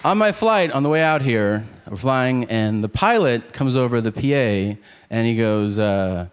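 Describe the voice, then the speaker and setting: Male stand-up comedian, swooping animated pitch, crowd laughing loudly, live club noise. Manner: animated, acts out characters in quick asides. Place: comedy club stage before a laughing audience.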